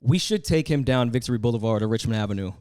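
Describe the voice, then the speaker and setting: A man's voice: medium pitch, lively intonation, darkish tone, clean tone, no room sound, clean studio sound. A man, a podcast guest telling blunt, profane stories in casual chat. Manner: quick, blunt, swearing storyteller.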